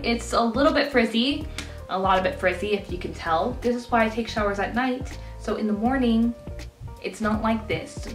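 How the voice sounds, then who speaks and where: A young woman with a slight lisp from aligners, getting over a cold, chatting casually and self-mockingly as she does her makeup for a vlog. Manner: chatty, self-mocking, bursts into high baby talk. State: recovering from a cold. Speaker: beauty vlogger. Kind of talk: casual get-ready-with-me chat. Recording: roomy, mic a little distant, soft music.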